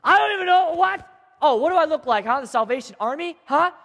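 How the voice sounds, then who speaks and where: A man playing a grouchy, stingy rich man who shouts indignantly at visitors. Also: high voice, fairly even intonation, very slow, creaky, husky, full character voice. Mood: outraged. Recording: long hall reverb.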